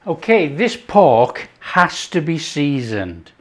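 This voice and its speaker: A man's voice: fairly high pitch, slow pace. A man hosting his own cooking show, chatting casually as he prepares a dish. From not France. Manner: chatty, relaxed, talks while working.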